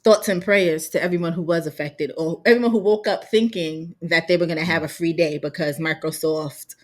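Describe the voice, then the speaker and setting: A woman's voice: on the low side, steady tone, brisk. A young woman co-hosting a podcast in casual chat, blunt and teasing, cursing casually. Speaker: podcast co-host.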